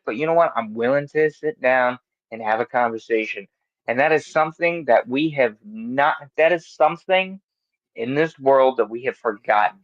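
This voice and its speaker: A man's voice: mid-range voice, moderate pace, dry recording, highs cut off. Blunt, profane male podcast host. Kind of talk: casual chat. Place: studio.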